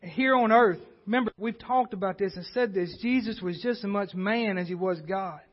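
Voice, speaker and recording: A man's voice: sits high, moderate pace. A man preaching a sermon as pastor, earnest and building in intensity as he presses his points. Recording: dull lo-fi livestream audio.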